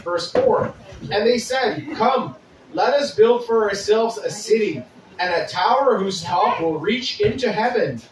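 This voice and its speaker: A man preaching a sermon, reading scripture aloud with deliberate pauses and restarts. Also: high voice, reverberant, distant mic, slight background noise, poor audio. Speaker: pastor.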